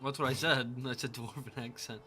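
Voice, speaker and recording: A man's voice: mid-range voice, steady tone, brisk, background noise. A man chatting as a player in a tabletop game, coaching another player and rambling casually.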